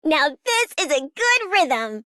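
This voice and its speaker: An actress voicing a cheerful young woman in a game, with a put-on Australian accent, bright and giggly. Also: high-pitched, very animated, takes it slowly, exaggerated voice. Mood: playful.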